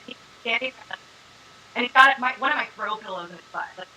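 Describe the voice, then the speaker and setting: A young actress talking in a very bright, forceful, slightly high voice. She tells rambling, animated stories in casual interview chat, with lots of fillers. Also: fast talker, highs cut off, slight background noise. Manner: chatty, animated storyteller, many fillers.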